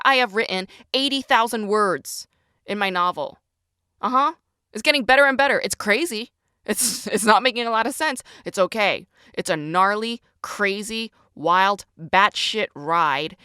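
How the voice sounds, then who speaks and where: A woman's voice: mid-range voice, normal speed, sharp tone, clean tone, no echo, clean studio sound. A woman hosting a podcast, talking candidly and emphatically, swearing freely and questioning herself as she goes. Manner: profane, emphatic ranting; confessional and self-questioning. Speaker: podcast host.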